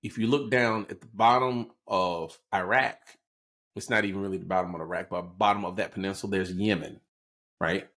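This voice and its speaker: A man's voice: low voice, fairly even intonation, a little fast, a bit bright. A man co-hosting a podcast, talking through current events in a casual explanatory way and often checking in with "right?". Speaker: podcast co-host. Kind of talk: casual political chat.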